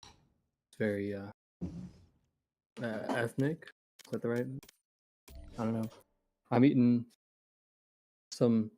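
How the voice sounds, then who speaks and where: Mid-pitched voice, laid-back, dry remarks, casual voice chat. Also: dark tone.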